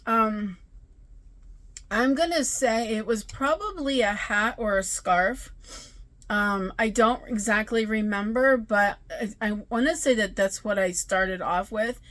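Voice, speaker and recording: A woman's voice: mid-range voice, takes it slowly, a bit bright. A woman vlogging about crochet in a casual, rambling chat, tired and often correcting herself. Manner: chatty, rambling, self-correcting. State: tired, yawning.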